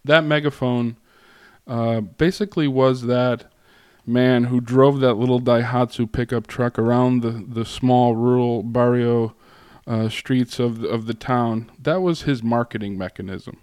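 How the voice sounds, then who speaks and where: A man speaking as a guest lecturer to a class, in a relaxed way with many fillers, pauses and restarts. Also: mid-range voice, clean tone, dry recording. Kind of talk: casual classroom talk.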